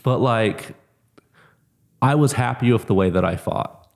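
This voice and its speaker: A man being interviewed as a fighter, talking casually with lots of "like" and growing lively when he tells stories. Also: mid-range voice, unhurried, gravelly. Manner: relaxed, heavy use of "like", lively when telling stories. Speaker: MMA fighter, interview guest.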